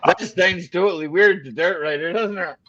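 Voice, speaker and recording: A man's voice: high voice, normal speed, a bit bright, dull audio. A Scottish man hosting a casual live-stream chat, joking and laughing often. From Scotland. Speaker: host.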